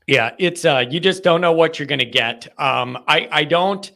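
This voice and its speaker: Guy hosting a call-in show, high bright voice, keeps restarting sentences, sounds fed up. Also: moderate pace, creaky. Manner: frustrated, rambling, hesitant restarts. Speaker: podcast host. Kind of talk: live call-in chat.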